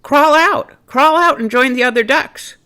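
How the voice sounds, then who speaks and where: A woman's voice: high voice, a little slow, sharp tone, pitched above the performer's own voice. A woman voicing a little snail in a storybook read-aloud, giving short, matter-of-fact replies. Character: plain-spoken little snail.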